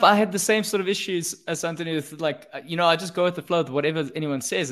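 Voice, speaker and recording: A man's voice: fairly high pitch, a bit bright. A man from South Africa hosting a casual podcast over a video call, friendly and playful, asking his guests questions. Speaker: podcast host.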